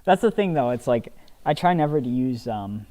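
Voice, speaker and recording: A young man co-hosting a casual gaming podcast, talking at an everyday pitch. He rambles in halting bursts, circling back and restarting his sentences, and sounds a little spaced out. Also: expressive, mellow. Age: young adult. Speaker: podcast co-host. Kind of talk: casual chat while gaming.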